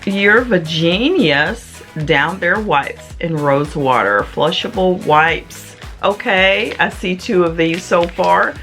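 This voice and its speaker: A middle-aged woman talks her way through a subscription box, playful and chatty. Her voice sits low but swings up high when something delights her, and she takes her time, with soft music playing underneath. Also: lively intonation, slow, hardly any pauses. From Memphis, Tennessee area. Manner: chatty, playful, Southern-style "honey" and "y'all" asides. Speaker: vlogger. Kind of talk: casual unboxing vlog.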